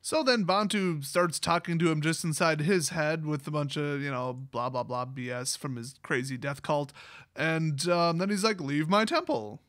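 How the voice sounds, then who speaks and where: Recapping a fantasy story with mockery and sarcasm, this high-voiced card game channel host keeps laughing as he goes. His pace is normal and his tone a bit bright, recorded close and dry without any room sound.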